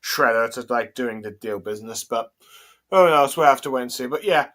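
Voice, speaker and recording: Man, host, casual comic review chat, bright forceful tone, hesitant with fillers. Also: mid-range voice, a little fast. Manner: hesitant, many fillers and chuckles. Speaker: podcast host.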